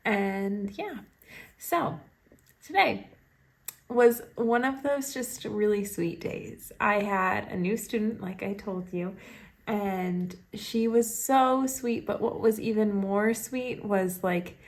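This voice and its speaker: A young third grade teacher from Maine, USA, chats at home into a phone held up to her face, like a casual vlog to camera. Her mid-range voice moves slowly, gushing and sprinkled with "like"s and little laughs.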